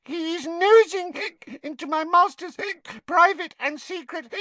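A man voicing a drunk, tearful, fiercely loyal female house elf with a squeaky voice and broken grammar, in an audiobook. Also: measured pace, sharp tone, no room sound, exaggerated voice. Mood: indignant. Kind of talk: audiobook character voice.

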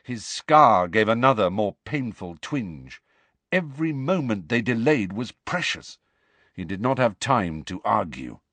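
A man narrating a novel as an audiobook, expressive storytelling into a close studio mic. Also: on the low side, measured pace, dry recording.

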